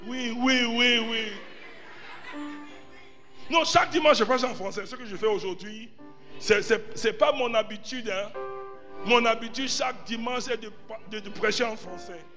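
A middle-aged man from Ghana, preaching a sermon as a bishop, emphatic and repetitive, moving between loud exclamations and quiet asides. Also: very high-pitched, moderate pace. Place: church service hall. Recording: long reverb of a large hall, faint music.

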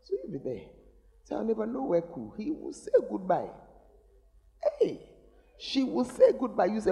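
A middle-aged male pastor preaching a sermon, teasing the congregation with sudden shouts. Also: high-pitched, huge pitch swings, normal speed, creaky, long pauses. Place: large church. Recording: long reverb of a large church hall.

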